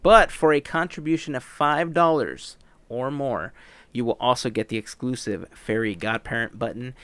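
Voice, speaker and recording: A man's voice: mid-range voice, fairly bright tone, no echo. A tired man hosting a podcast, doing casual jokey plugs in a rambling way. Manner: jokey and rambling, tired and trying not to yawn. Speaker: podcast host. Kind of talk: casual chat with sponsor reads.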